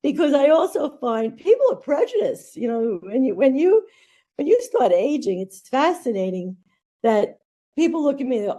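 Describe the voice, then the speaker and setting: A woman's voice: fairly high pitch, big pitch swings, a little fast, warm tone. A woman, a nurse talking candidly as a podcast guest, blunt and rambling with fillers. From United States. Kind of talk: candid conversational storytelling.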